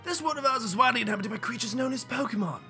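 A man's voice: very high-pitched, lively intonation, rapid-fire, sharp tone, faint music behind, voice pushed up, heavily acted. A man voicing a suave male game professor, reading his lines in a put-on, not quite convincing French accent. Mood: grand. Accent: fake French. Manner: grand, theatrical welcome speech. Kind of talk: reading game dialogue aloud.

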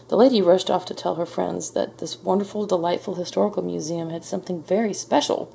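A woman reading a children's picture book aloud in a gentle, measured storytelling manner. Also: on the low side, steady tone, vocal fry, a little hiss or hum. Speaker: storybook reader. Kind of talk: children's read-aloud narration.

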